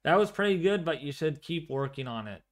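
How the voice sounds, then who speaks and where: Excited man on a live weather stream. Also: a little high, fairly quick. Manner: excited, repeats phrases. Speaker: livestream weather host. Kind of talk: live severe weather commentary, reading chat.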